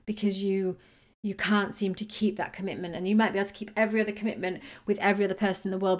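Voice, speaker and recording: A woman hosting a solo podcast on manifesting, talking in a chatty, rambling, self-mocking way. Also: fairly low pitch. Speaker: podcast host.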